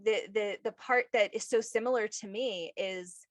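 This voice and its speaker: A woman hosts a podcast and chats with a guest in a casual, effusive way. She is openly emotional and talks at a middle pitch. Her voice is recorded close and dry, with no room sound. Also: moderate pace, no room sound. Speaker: podcast host. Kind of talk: casual interview chat.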